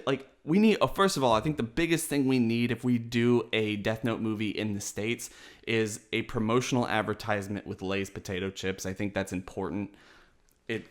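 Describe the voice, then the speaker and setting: Energetic rambling male podcast host. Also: medium pitch. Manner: energetic, rambling, laughs easily. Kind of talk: casual podcast chat. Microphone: video call.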